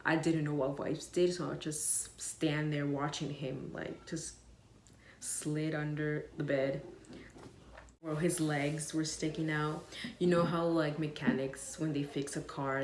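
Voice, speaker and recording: A woman with a deep, low voice tells a casual storytime to her viewers. She rambles and keeps restarting, with plenty of "like" along the way. Her voice bounces around an echoey room over a faint hiss. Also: darkish tone. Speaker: vlogger.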